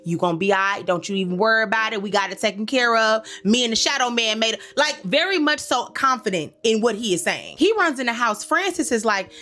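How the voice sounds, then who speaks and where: A woman's voice: a little high, fairly quick, hardly any pauses. A woman hosting a comedic recap commentary, sassy and slangy, talking straight to her listeners and scolding the characters. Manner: animated, sassy, talks back to characters in quoted asides; slangy, addresses listeners as y'all.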